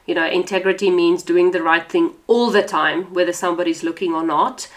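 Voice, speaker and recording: An earnest woman from South Africa hosts her own faith podcast and tells her story in a relaxed, conversational way. Her voice sits a little low, and she often leans on small fillers as she talks. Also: fairly quick. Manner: earnest, conversational, frequent "you know" fillers. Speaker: podcast host. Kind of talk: personal testimony monologue.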